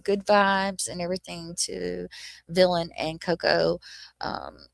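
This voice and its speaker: Woman streamer, low voice, casual profane rant to viewers, dry recording. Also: fairly even intonation, slow, gravelly, dry recording. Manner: ranting, swears freely, drops into a whisper. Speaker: livestream host. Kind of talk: casual livestream chat.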